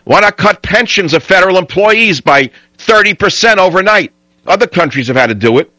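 A man's voice: high voice, animated, a little fast, pushed and bright, dry recording, poor audio. A middle-aged man hosting a talk radio show, ranting in a combative, sarcastic way.

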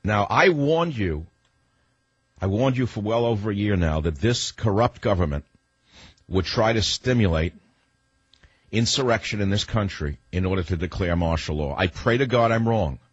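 A man's voice: lowish voice, lively intonation, normal speed, breathy edge, no room sound, lo-fi sound. A male talk radio host delivering a heated, sarcastic monologue.

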